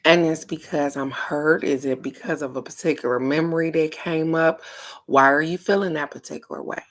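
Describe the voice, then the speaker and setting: A woman's voice: deep voice, fairly even intonation, normal speed. A middle-aged woman doing a casual card-of-the-day reading, talking in a frank, earnest way with the odd swear. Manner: frank, earnest, occasionally profane. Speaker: oracle card reader.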